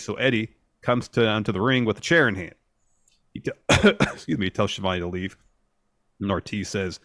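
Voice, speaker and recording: Low-voiced man recapping wrestling, dry sound. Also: brisk, no room sound. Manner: steady play-by-play recounting. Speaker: podcast co-host. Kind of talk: casual wrestling recap chat.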